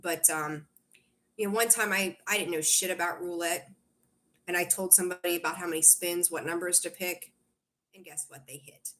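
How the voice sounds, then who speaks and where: A woman's voice: fairly low pitch, steady tone, normal speed, pushed and bright. A woman hosting a live tarot stream, rambling casually with lots of fillers and restarts while greeting viewers. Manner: chatty, rambling, reads out viewer comments; frequent fillers and self-corrections. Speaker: tarot reader hosting a livestream. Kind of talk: casual livestream chat.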